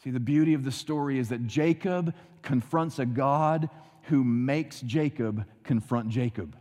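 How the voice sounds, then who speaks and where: A man preaching a sermon, dramatic, often dropping to a hushed low voice for emphasis. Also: a little slow, in a large hall. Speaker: pastor.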